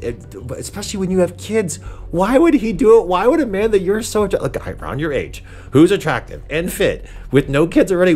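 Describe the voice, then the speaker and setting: A man's voice: sits high, very animated, brisk, darkish tone, soft background music. Sarcastic man hosting commentary. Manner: sarcastic, exasperated, keeps addressing "ma'am". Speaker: commentary channel host. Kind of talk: reaction commentary vlog.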